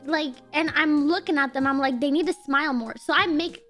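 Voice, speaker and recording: A woman's voice: high voice, brisk, a bit bright, soft background music. A young woman chatting casually on a stream, giggly and talkative, often mimicking her friend. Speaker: streamer guest.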